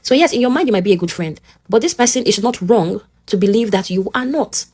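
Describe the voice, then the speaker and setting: A woman with a Nigerian English accent teaches in an earnest, direct way. She speaks at a middling pitch for a woman and keeps checking in with the listener. It is a motivational lesson delivered straight to the listener. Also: lively intonation, a little fast, a little mellow, slightly rough.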